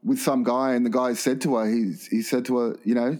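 A man telling a joke in a casual chat, animated and stumbling over his restarts. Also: medium pitch, brisk, few pauses.

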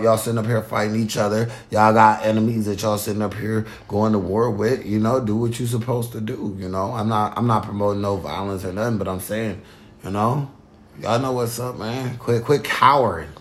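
A young man in casual chat, loose and animated, telling stories full of slang. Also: fairly low pitch.

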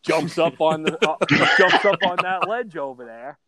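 A man telling loud, profane stories in a casual podcast chat. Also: on the high side, unhurried, a crowd in the background. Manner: loud, profane, animated storyteller. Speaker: guest storyteller.

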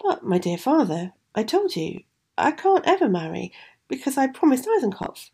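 A young man in a storybook tale pleads that he is fleeing for his life, voiced by a woman reading aloud. The voice is gravelly and husky. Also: high-pitched, sing-song, moderate pace, darkish tone, voice pushed up, heavily acted. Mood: pleading.

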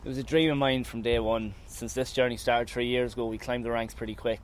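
A man's voice: medium pitch, fairly even intonation, quick pace. Golf winner guy getting emotional after his round, bit of noise outside. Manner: emotional, thankful, talks of nerves. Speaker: winning golfer interviewed after a round. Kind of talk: emotional post-round interview. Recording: faint outdoor noise.

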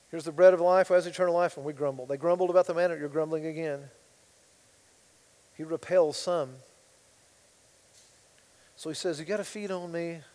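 A man preaching a sermon as pastor, swinging between loud emphatic bursts and quiet asides. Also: on the high side, big-room sound, low-quality recording.

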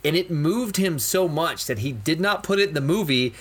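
A man's voice: on the high side, expressive, moderate pace, husky. A young adult man co-hosting a podcast, talking in an enthusiastic, rambling way and saying "dude" a lot. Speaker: podcast co-host. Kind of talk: casual chat.

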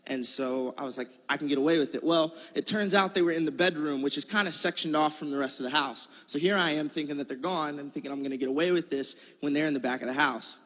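A man's voice: a little high, quick pace, few pauses, a bit bright, big-room sound. A man giving a conversational sermon, telling a personal story in a casual, earnest way. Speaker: preacher.

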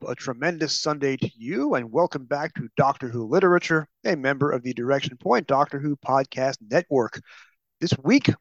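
Animated New York man hosting. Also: fairly high pitch, dry recording. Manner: animated, quick, jokey. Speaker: podcast host. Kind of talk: casual podcast chat. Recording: dull, lo-fi podcast audio.

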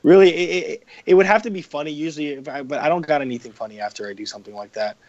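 A man's voice: a little high, very fast, darkish tone. Rambling, profane man on a muffled line. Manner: rambling, profane, with many fillers. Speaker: podcast guest. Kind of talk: casual chat.

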